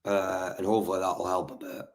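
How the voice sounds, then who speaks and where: A man talking casually on his livestream, hoarse with his voice nearly gone, laid-back and sweary. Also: low voice, level tone, brisk. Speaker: streamer.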